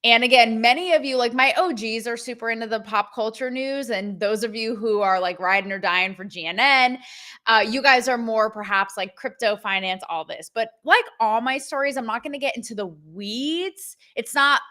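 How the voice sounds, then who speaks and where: A woman hosting her own show, talking in a chatty, animated commentary style with laughs and quick asides. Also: medium pitch. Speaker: show host. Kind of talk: casual commentary.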